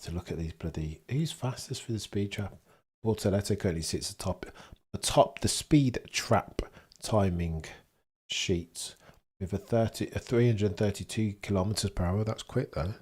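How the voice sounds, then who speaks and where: Low husky man chatting casually. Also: normal speed, darkish tone. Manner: chatty, jokey, laughs often, mutters asides. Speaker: livestream host. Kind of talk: casual livestream chat reading comments.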